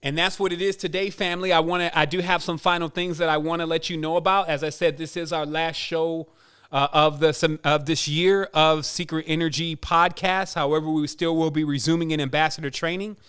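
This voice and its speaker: Upbeat podcast host man, smooth voice. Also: a little high, little pitch movement, brisk, fairly bright tone. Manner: upbeat, reads names and prizes, counts aloud. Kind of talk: casual giveaway announcements.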